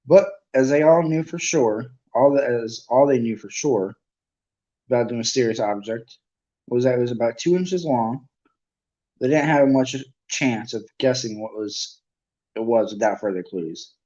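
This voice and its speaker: A man's voice: mid-range voice, unhurried, dark tone, highs cut off. A man reading a novel aloud as an amateur narrator, often stumbling and correcting himself. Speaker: amateur audiobook reader.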